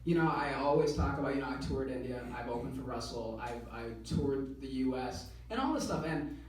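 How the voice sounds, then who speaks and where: A young man doing a casual, excitable stand-up routine, swearing freely and laughing between lines. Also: medium pitch, fairly quick, very echoey, distant mic, low-quality recording. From US (California). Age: young adult. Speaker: stand-up comedian.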